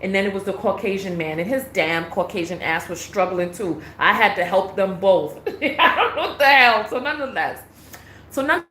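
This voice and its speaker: A woman from New York telling a travel story in a casual vlog, animated, laughing often and acting out dialogue. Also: medium pitch, moderate pace, roomy sound. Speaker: travel vlogger.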